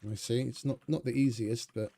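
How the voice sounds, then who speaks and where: A man rambles through his gameplay in a relaxed, mellow voice, chatting casually and swearing freely. His pitch sits in an ordinary middle range as he muses aloud. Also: normal speed, gravelly. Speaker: gaming streamer.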